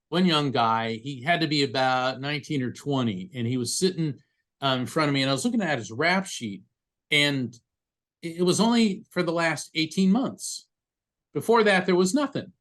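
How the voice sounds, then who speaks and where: In a medium-pitched voice, a male psychic medium talks earnestly as an interview guest, sharing animated stories in a conversational exchange.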